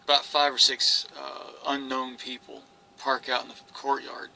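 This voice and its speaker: Earnest rambling man with gravelly voice. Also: medium pitch, level tone, a little slow, pushed and bright, a little hiss or hum, rough recording. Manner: earnest, rambling, with restarts and quoted dialogue. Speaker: experiencer recounting his story. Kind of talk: personal monologue to camera.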